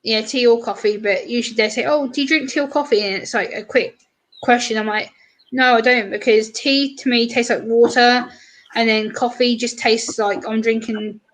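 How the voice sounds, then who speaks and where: A British woman with a fairly high voice hosts a casual livestream chat. She talks at an easy clip and slips into quick, bright little voices when she quotes her viewers. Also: fairly even intonation, rough recording. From Britain. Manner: chatty, acts out what others said in quick bright voices. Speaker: livestream host.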